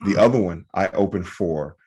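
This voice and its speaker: A man with a fairly low voice co-hosts a casual podcast, spinning lively comedy anecdotes. He slips into voices for the people in his stories, with animated swings in delivery. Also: moderate pace, slightly rough. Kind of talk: casual storytelling chat.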